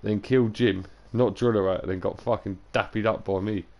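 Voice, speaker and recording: A man's voice: lowish voice, steady tone, normal speed, creaky, a little mellow, muffled recording. A tired young man chatting loosely and swearing to his viewers during a live game stream. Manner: loose, sweary banter to chat, drifting into sing-song and whispers.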